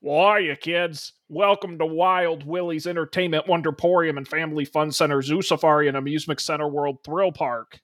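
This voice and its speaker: A man voicing a stoned, strung-out man in a dog mascot costume who talks slowly and lazily. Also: a little high, fairly even intonation, fairly bright tone, no room sound, studio quality, natural voice. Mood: drawling.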